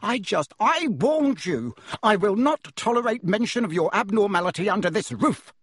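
A blustering middle-aged uncle, all bluster and bullying, his voice pushed high and loud as he bellows each word slowly, as a husky-voiced male narrator puts him on. The sound is dry and close. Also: big pitch swings, dry recording, heavily acted. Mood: furious. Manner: roaring, slow and emphatic.

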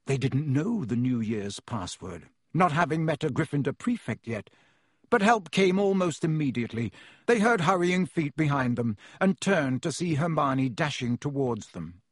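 A man narrating an audiobook in a measured, expressive storytelling style. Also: a little high, slightly rough, no echo, studio quality. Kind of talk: scripted narration.

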